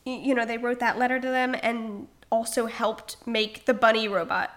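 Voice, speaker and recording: A woman's voice: on the high side, little pitch movement, normal speed. A woman hosting a casual podcast, bantering, laughing often and swearing freely. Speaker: podcast host.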